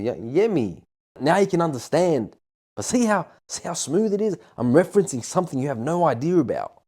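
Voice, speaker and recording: A young man tells a story straight to camera. His pitch leaps and dips as he jokes, hams it up and breaks into bits of song. The delivery is loose and playful. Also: a little fast. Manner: animated, jokey, breaks into song and impressions. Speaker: musician and vlogger.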